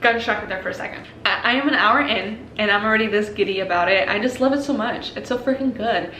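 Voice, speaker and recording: A young woman chatting gushingly about books on her vlog, quick to laugh and sigh. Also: medium pitch, pushed and bright. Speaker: book vlogger. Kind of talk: casual vlog chat. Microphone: compact camera. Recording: echoey room with faint noise.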